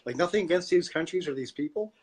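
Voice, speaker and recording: Fast-talking and expressive, this podcast co-host from Canada gets heated about politics, swearing and repeating himself in casual conversation. His voice is a little high and slightly rough.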